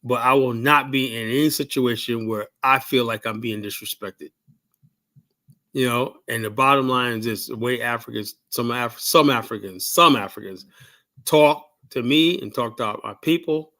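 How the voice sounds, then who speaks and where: A man's voice: mid-range voice, moderate pace, sharp tone. Heated American man ranting on air. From United States. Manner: heated, repetitive, peppers with "you know?". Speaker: host of a call-in show. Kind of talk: ranting livestream commentary.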